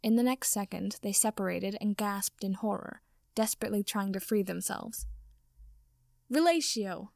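A woman reading a story aloud as narrator, in a steady storytelling manner. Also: mid-range voice, moderate pace, vocal fry, no room sound, studio quality. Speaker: audiobook reader. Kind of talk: fan fiction reading.

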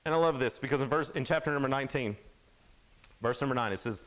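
A man giving a youth sermon, telling a Bible story in an animated, casual way, full of "like" and quick asides. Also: mid-range voice. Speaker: youth speaker.

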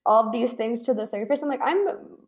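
A woman hosting a casual chat, reacting with sympathy and quick quips. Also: on the high side, steady tone.

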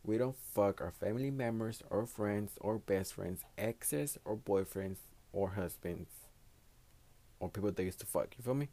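Man, native Spanish speaker, gravelly, mellow dark tone, blunt rambling podcast talk. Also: on the low side, measured pace. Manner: blunt, profane, rambling advice-giving. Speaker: podcast host. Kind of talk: casual solo podcast monologue.

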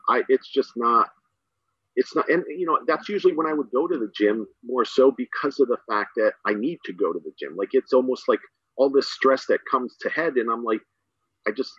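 A man's voice: medium pitch, animated, a little fast, a bit bright, breathy edge, no echo. A man guest, a middle school teacher and coach, rambling enthusiastically in a casual podcast conversation with many fillers. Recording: dull dry sound.

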